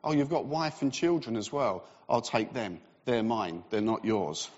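A man voicing God in a parable told within a sermon, speaking low, quiet and matter-of-fact. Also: a little slow, lightly acted. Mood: firm. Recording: reverberant, slightly dull hall recording.

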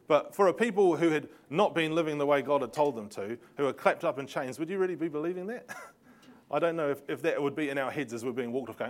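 A man teaching a Bible lesson with slides, telling the story in a lively way with laughing asides and sarcastic remarks. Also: a little high, a little fast.

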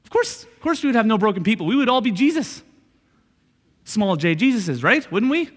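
High-voiced preacher in a reverberant hall. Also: male voice, sing-song, a little fast. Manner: conversational, repeats points with frequent "right?" asides. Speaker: pastor. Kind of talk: sermon.

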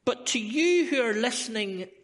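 A Northern Irish man preaches as a visiting speaker, his voice high and bright with a forceful edge. He talks to the congregation in a chatty, humorous way before settling into his sermon. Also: animated, moderate pace. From Northern Ireland. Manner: humorous, chatty opening asides. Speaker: guest preacher.

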